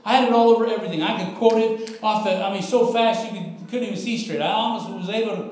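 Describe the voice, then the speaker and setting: Male pastor, high tenor voice, candid storytelling sermon, very reverberant church room. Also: quick pace, darkish tone. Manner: candid storytelling, chuckles often, calls listeners "man". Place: church sanctuary.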